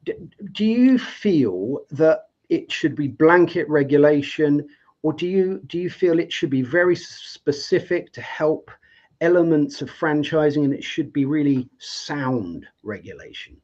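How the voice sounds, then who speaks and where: A man's voice: on the high side, animated, measured pace, darkish tone. Upbeat male show host. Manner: enthusiastic, lots of fillers and restarts. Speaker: host of a live debate show. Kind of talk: live online show hosting. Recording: slightly dull lo-fi audio.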